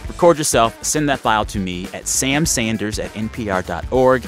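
A man's voice: fairly low pitch, expressive, moderate pace, faint music behind. A man hosting a podcast interview, easygoing, with short encouraging replies and a friendly sign-off. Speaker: podcast host.

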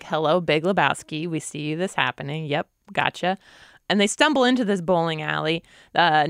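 A woman co-hosting a podcast, recapping a TV episode in casual, animated chat. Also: deep voice, clear, resonant tone, dry recording, clean studio sound. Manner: animated, amused storytelling. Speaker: podcast co-host.

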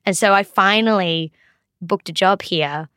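A woman's voice: medium pitch, a little slow, fairly bright tone, no room sound, clean studio sound. A young Australian actress chatting as an interview guest, laughing often and restarting her sentences. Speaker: actor guest. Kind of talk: casual interview chat.

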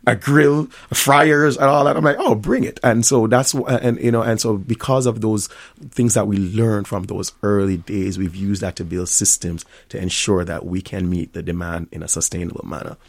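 Jamaican man telling lively stories. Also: lowish voice, normal speed, no room sound. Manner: animated storyteller, laughs often, many restarts. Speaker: restaurant owner, guest. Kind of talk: conversational interview.

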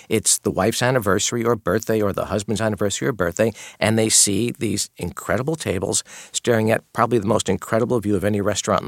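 A man with a lowish voice tells candid stories from his years running dining rooms, slipping into the voices of guests and staff. The sound is dry and close, like a studio microphone. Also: vocal fry, no echo. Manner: candid storyteller, acts out customer exchanges. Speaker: guest, restaurant maitre d'. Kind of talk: radio interview conversation.

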